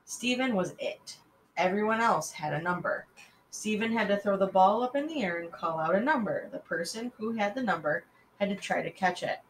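A woman reading a children's chapter book aloud in a lively, expressive way. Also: medium pitch, normal speed, a little hiss or hum, poor audio. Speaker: reader.

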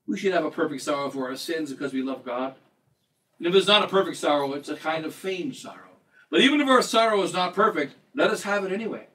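A man's voice: on the high side, fairly bright tone, far from the mic, rough recording. A man preaching a sermon as a bishop, emphatic and repetitive, quoting scripture along the way. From United States.

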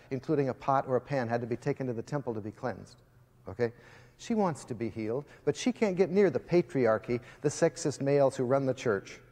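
A man's voice: medium pitch, mellow. A man giving an impassioned, preaching-style speech to students, telling stories and speaking directly to his listeners. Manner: emphatic, storytelling, addresses the audience directly. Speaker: guest speaker addressing students. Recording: long reverb of a large hall.

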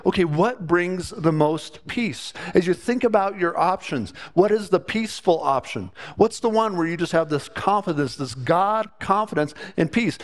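A man preaching a sermon to his church congregation. He speaks earnestly and often repeats a word as he starts a thought. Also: high-pitched. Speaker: pastor.

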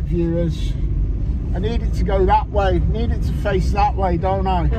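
A Scouse man chatting to camera from behind the wheel, with a fairly high voice for a man. He rambles and swears freely, and clear road and engine noise runs under his voice. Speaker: vlogger. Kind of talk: casual chat to camera. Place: in a car, driving. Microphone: camera mounted on car window.

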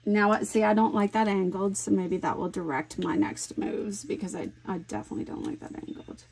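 A woman chatting casually while she works on a scrapbook layout at home. She is animated, thinks aloud and laughs often. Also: mid-range voice, a little fast, vocal fry, slightly rough. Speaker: scrapbooking vlogger. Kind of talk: casual chat while crafting.

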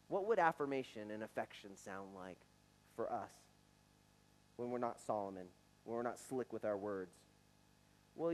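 In a church sanctuary, a pastor in his forties preaches an earnest, conversational sermon to his church in a mid-range voice, captured on a rough recording. Now and then he stammers and restarts, stumbling over his words.

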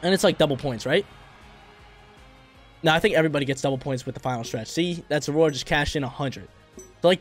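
Hyped young man calling gameplay. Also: a little high. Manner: hyped, slangy, quick reactions. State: briefly coughing. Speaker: gaming YouTuber. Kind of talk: live gameplay commentary.

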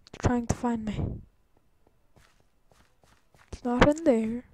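A woman's voice: fairly high pitch, moderate pace, background noise. A young woman from Canada giving jittery, easily startled let's-play commentary on a video game, talking to herself as she goes. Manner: jittery, easily startled, rambling self-talk. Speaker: gaming YouTuber.

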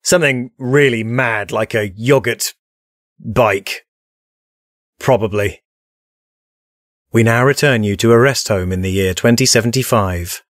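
A man's voice: mid-range voice, unhurried, long pauses, no room sound, studio quality. A man hosting a comedy show with mock-formal, wry scripted narration.

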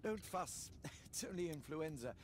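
A man voicing a wealthy lord in a game, unwell and evasive. His voice sits a bit high and varied. Faint ambience hangs behind. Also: animated, normal speed, slight background noise, lightly acted. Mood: defensive. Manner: genteel, defensive. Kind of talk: video game voice acting.

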